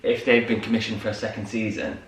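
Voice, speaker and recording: A man's voice: on the low side, level tone, fast talker, a little hiss or hum. A man co-hosting a casual morning chat at home, telling stories with lots of fillers. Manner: chatty storyteller, many fillers. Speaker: co-host. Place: home room. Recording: echoey room, mic at a distance.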